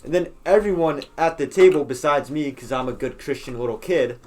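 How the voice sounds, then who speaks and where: A man's voice: fairly high pitch, brisk, a little hiss or hum. Rambling young man telling a story. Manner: rambling storyteller, swears freely, many fillers and restarts. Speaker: podcast co-host. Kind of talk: casual chat.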